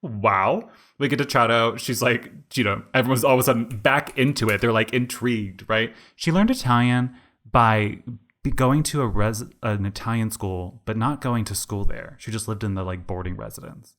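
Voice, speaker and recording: A podcast co-host in his twenties, with a mid-range voice and a moderate pace, rambles through a story during casual chat. He's animated and drops "like" all the time.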